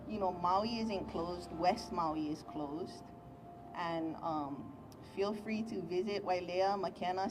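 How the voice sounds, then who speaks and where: A woman's voice: on the low side, noisy background. A woman, a county council member, speaking earnestly and frankly at a press conference. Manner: earnest, frank, a few restarts.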